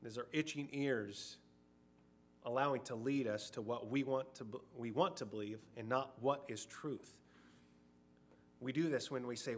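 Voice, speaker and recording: A man's voice: mid-range voice, moderate pace. A middle-aged man preaching a sermon in a conversational way, sometimes acting out short quoted voices.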